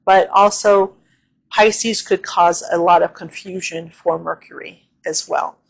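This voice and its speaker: A woman with a somewhat low voice talks through an astrology forecast in a loose, chatty way. She leans on fillers and keeps checking in with her listeners. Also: fairly even intonation, measured pace, vocal fry, husky. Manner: chatty, many fillers and "okay?" check-ins; repeats gentle safety warnings. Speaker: astrology reader.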